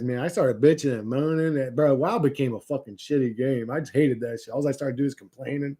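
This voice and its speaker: Male streamer, casual profane chatter, jokey and rambling, average pitch. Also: fast, few pauses, darkish tone, slightly rough. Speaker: livestream host. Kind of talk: casual chat reading viewer comments.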